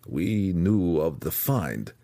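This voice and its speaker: A man reading aloud, voicing a gruff male deep gnome mining leader with slow, grave lines. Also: expressive, dark tone, no echo, full character voice.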